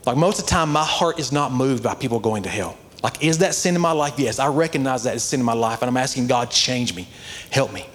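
A man's voice: mid-range voice, animated, quick pace, few pauses. A man preaching a sermon, telling a story conversationally and building to earnest, passionate exhortation. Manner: conversational storytelling with many "like" fillers.

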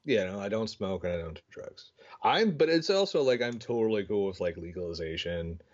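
Speaking fairly quickly in a lowish, expressive voice, a man in his thirties rambles through casual podcast banter as a co-host. He stuffs his storytelling with fillers and jokes at his own expense, and the recording sounds dull and lo-fi.

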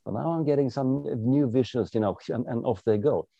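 A man's voice: medium pitch, brisk, creaky, mellow, no room sound, dull audio. A man, an author and public speaker, talking as a guest in an interview and playfully acting out personality types as he explains them. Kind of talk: interview conversation.

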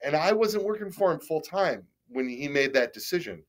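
A man's voice: on the high side, animated, moderate pace. Rambling middle-aged man telling stories. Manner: rambling, frequent restarts and stammers; candid, self-deprecating, casually swears. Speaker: guest. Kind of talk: casual interview storytelling.

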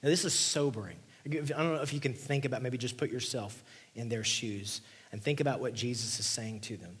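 A man preaching a sermon, reading scripture and explaining it, sometimes dropping to a hushed near-whisper for emphasis. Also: medium pitch, normal speed, breathy edge. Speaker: pastor.

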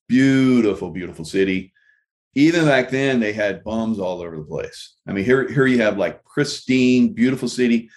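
An older man hosts a casual interview in a low voice. He thinks aloud as he talks. His pace is measured and he leans on small fillers. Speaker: host.

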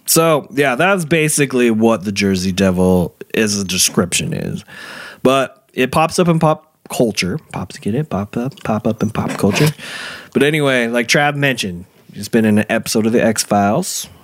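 A man's voice: medium pitch, expressive, normal speed, dry recording. A man hosting a casual podcast, explaining a topic step by step and laughing often at the banter. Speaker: podcast host presenting the topic. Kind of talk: casual chat.

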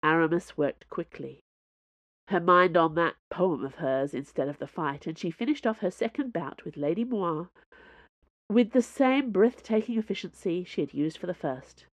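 Audiobook narrator: woman, low voice, measured and expressive, dry booth sound. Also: no room sound. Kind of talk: scripted narration.

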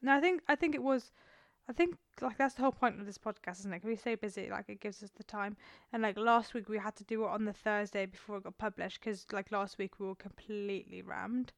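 A woman's voice: medium pitch, a little fast, gravelly, few pauses, dry recording, clean studio sound. A woman co-hosting a casual home podcast from her sofa, playful and teasing but tired. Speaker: podcast co-host. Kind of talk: casual chat. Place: home living room, on a sofa. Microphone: close mic.

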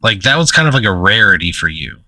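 A man's voice: fairly low pitch, big pitch swings, fast talker, sharp tone, no room sound. A man co-hosting a casual comedic podcast, telling a rambling made-up story with lots of fillers and laughing mid-sentence. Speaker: podcast co-host.

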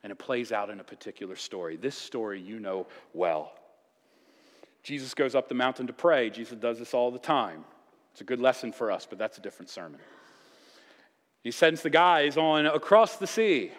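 Animated pastor in an echoing hall. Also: male voice, medium pitch, moderate pace. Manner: animated storytelling, acts out voices with casual asides. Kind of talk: sermon. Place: church sanctuary. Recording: long reverb of a church hall.

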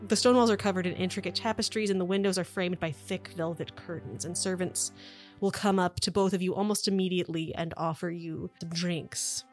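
A woman narrating as game master for a tabletop game, descriptive and lightly joking. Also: lowish voice.

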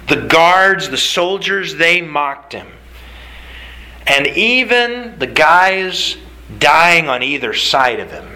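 A man's voice: a little high, bright, forceful tone, low-quality recording. A man preaching a sermon, telling the story emphatically with repeated phrases. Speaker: pastor.

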